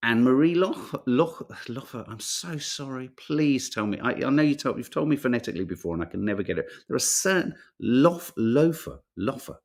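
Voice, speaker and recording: A man's voice: medium pitch, expressive, a little fast, few pauses. A man from England co-hosting a casual podcast, chatting in a rambling, sweary way and reading out viewers' names and comments. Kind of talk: casual chat.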